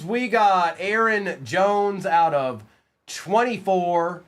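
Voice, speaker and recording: A young man on a live stream, chatting casually and calling out player names as he opens card packs, getting excited along the way. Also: high-pitched, extremely slow.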